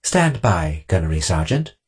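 Man doing a calm robotic ship computer. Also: deep voice, slightly rough, full character voice. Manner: slow, measured, formal machine delivery.

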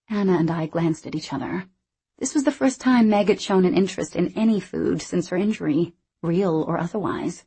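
A woman narrating a novel in the first person in a measured, reflective way. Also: on the low side, warm tone, husky. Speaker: audiobook narrator.

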